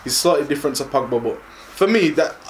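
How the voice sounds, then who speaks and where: A man's voice: a little high, animated, quick pace, a little hiss or hum. A man co-hosting a casual football podcast, rambling and restarting his sentences. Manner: rambling, many fillers and restarts. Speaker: podcast co-host.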